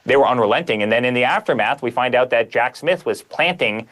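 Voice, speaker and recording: A man's voice: mid-range voice, lively intonation, brisk, fairly bright tone. A man speaking as a guest author in a conversational interview, emphatic and piling up repeated phrases.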